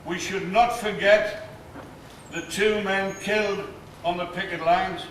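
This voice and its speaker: Slow, measured man giving a dedication speech. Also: high voice, steady tone, a bit bright. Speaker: speaker at plaque dedication. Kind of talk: formal commemorative speech. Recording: echoey room with faint noise.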